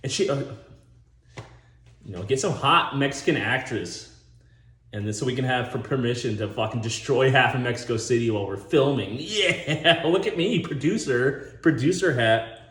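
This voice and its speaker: A man rambling casually with lots of swearing about movie ideas, talking in an animated, chuckling way. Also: mid-range voice, moderate pace, echoey room. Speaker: movie vlogger.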